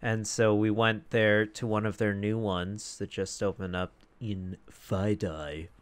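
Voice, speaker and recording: A man's voice: lowish voice, little pitch movement, takes it slowly, smooth. A young man co-hosting a podcast, chatting casually and rambling with frequent laughs into a foam-covered mic. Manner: laid-back, rambling, laughs often. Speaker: podcast co-host. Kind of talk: casual chat. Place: home podcast setup. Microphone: podcast mic with foam windscreen.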